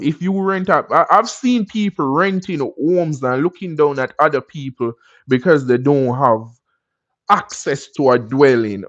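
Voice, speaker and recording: A man's voice: fairly high pitch, no echo, highs cut off. Upbeat Jamaican man chatting on a live stream. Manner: rambling, encouraging, life-advice talk. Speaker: livestream host. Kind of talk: casual live-stream chat answering viewers.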